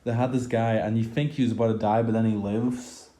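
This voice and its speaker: A young man rants through a film review, exasperated and swearing freely, his talk stuffed with "like" and sighs of disgust. His voice sits low and sounds mellow and warm rather than bright. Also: little pitch movement, a little fast. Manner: exasperated, profane, lots of "like" fillers. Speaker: movie reviewer.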